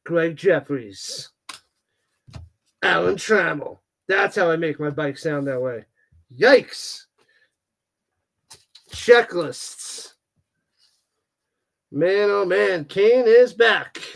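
A man with a fairly high voice hosts a live watch-party stream in a casual, chatty way. He reacts in an animated manner, with plenty of groans and exclamations, and greets viewers as they join. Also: drawn-out words, vocal fry, pauses often. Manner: animated, exclaiming, groaning at bad card pulls. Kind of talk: casual livestream chat, reading viewer comments.

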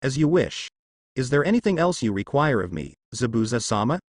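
A man's voice: medium pitch, sing-song, a little fast, no echo. A shy young woman servant, formal and deferential, voiced by a man with a slightly altered tone. The sound is dry and close. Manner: polite, deferential.

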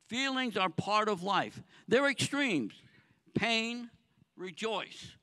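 An earnest sermon from a male pastor alternates quiet, low-pitched phrases with raised, insistent ones as he puts rhetorical questions to the congregation. He is expressive and speaks slowly.

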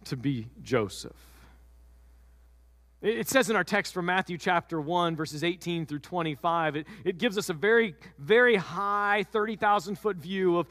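A man's voice: high-pitched, a bit bright, no echo, clean studio sound, long reverb tail. A male pastor preaching a sermon in a conversational storytelling way, often repeating words.

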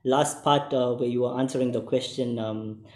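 A man's voice: mid-range voice, fairly even intonation, moderate pace, a little mellow, echoey room. A man moderating an online program, thanking the speaker in a polite, formal way.

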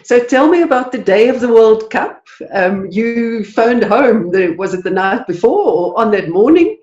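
A woman's voice: fairly high pitch, animated, normal speed, darkish tone, roomy sound, dull audio. A woman interviewer asking questions and laughing along with her guest.

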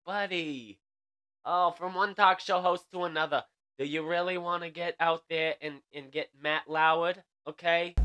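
Young man, late-night comedy news host, campy, sassy, bright sharp tone. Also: on the high side. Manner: sassy and campy, tags lines with "okay?". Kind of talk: comedic celebrity news monologue.

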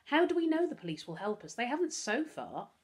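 A woman's voice: on the high side, very animated, a little fast, voice pushed up. A woman voicing a bossy, sensible girl who gives commanding orders. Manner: commanding, reasoning.

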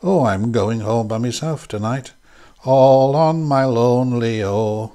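A man's voice: medium pitch, slow, warm tone, lightly acted. Brief: man doing a smug ladies' man, light and cheeky, storybook reading. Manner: breezy, cheeky.

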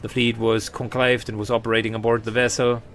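A man's voice: medium pitch, little pitch movement, fairly quick, creaky, a bit bright, a little hiss or hum. A man voicing a formal male machine-priest unit in a video game, speaking in clipped, procedural phrases.

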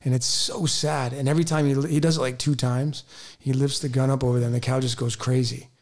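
A man's voice: medium pitch, flat delivery, fairly quick, darkish tone. Agreeable male co-host. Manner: agreeable, frequent affirmations. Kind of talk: conversational interview.

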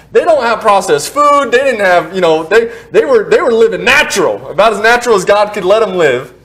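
A male pastor in his thirties preaching a sermon in a church, animated and quick to joke at his own expense. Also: sits high. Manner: joking, animated, self-deprecating asides. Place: church sanctuary.

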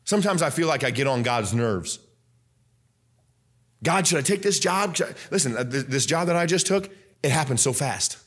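Young man, pastor, fiery Baptist sermon, somewhat high voice, loud, emphatic, repeats scripture lines, swings from soft to high excited preaching. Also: moderate pace, slightly rough. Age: young adult.

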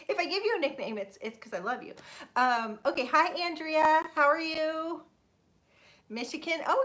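A high-pitched, slightly bright voice belongs to this livestream host from Florida, USA. She chats casually, welcomes viewers by name, laughs often, and sheepishly apologizes whenever she mispronounces someone's name.

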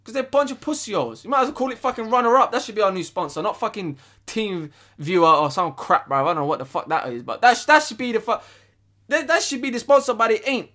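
A young man rants about his football team, swearing freely and circling back to the same complaints. His voice sits high and sounds bright and forceful. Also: lively intonation, fast talker. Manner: ranting, sweary, repetitive. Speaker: football fan vlogger. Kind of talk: angry fan rant.

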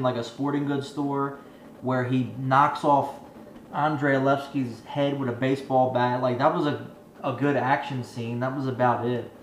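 A man's voice: a little high, a little hiss or hum. A man giving a profane, rambling movie review rant, exasperated and swearing constantly. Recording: echoey room with faint ambience.

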